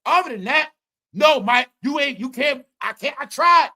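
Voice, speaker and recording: A man's voice: very high voice, animated, moderate pace, bright, forceful tone. A man hosting a commentary show, ranting in a mock-courtroom style and swearing freely. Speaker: show host.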